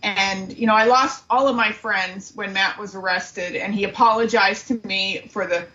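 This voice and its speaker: A woman's voice: mid-range voice, steady tone, pushed and bright. Grief-stricken woman on dull lo-fi audio. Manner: earnest, grief-stricken, halting. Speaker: guest, aunt of the subject. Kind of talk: emotional interview storytelling.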